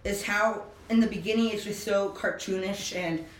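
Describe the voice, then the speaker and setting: A man's voice: high-pitched, fairly even intonation, normal speed, a little hiss or hum. A man co-hosting a casual podcast, giving offhand, joking opinions. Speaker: podcast co-host. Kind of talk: casual chat. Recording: echoey room.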